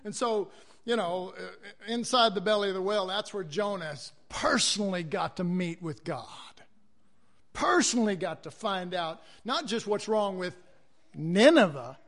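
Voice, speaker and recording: A man's voice: sits high, expressive, unhurried, fairly bright tone. A man preaching a sermon, acting out quoted voices and calling for amens from the congregation.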